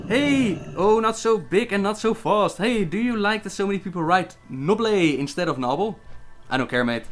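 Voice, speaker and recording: A man on a casual livestream who reads viewer questions aloud and answers them in a chatty, relaxed way. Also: a little high. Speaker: gaming lore livestreamer.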